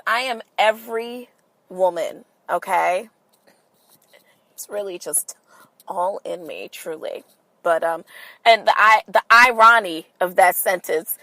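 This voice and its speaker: A woman's voice: mid-range voice, pushed and bright, no room sound, poor audio. A woman hosting a casual solo podcast, talking straight to her listeners in a candid, sassy and profane way. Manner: playful, talks straight to listeners. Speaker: podcast host.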